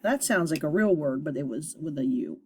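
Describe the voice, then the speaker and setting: Female teacher, slightly low voice, cheerful, stretches out phonics sounds for kids. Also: expressive, a little mellow, slightly rough. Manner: upbeat, deliberate sounding out of sounds. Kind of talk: recorded phonics lesson for young students.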